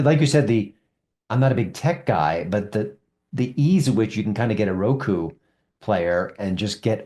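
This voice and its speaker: A man's voice: lowish voice, mellow. A middle-aged man, an entertainment critic, chatting in a casual interview over a video call, easygoing and rambling as he thinks aloud. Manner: easygoing and rambling, many fillers and restarts.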